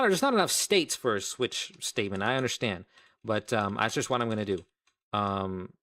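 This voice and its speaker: A man's voice: lowish voice, fairly bright tone. A man streaming his game development live, thinking aloud in a rambling, self-interrupting way as he codes. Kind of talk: casual live-stream coding commentary.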